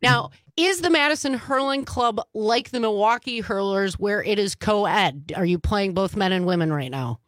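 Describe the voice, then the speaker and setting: A woman's voice: mid-range voice, animated, normal speed, few pauses, no room sound, clean studio sound. A woman hosting a radio interview, bubbly and enthusiastic. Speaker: radio host.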